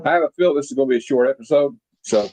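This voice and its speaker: A man's voice: medium pitch, very fast, warm tone, dry recording, poor audio. A man hosting a casual movie-review podcast, talking in a loose, rambling way with many fillers. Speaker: podcast host.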